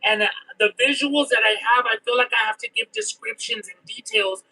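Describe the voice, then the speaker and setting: A very high, slightly rough male voice at a moderate pace comes through a rough recording. He hosts a casual livestream, eating and reading chat, and tells lengthy, expressive stories piled with details.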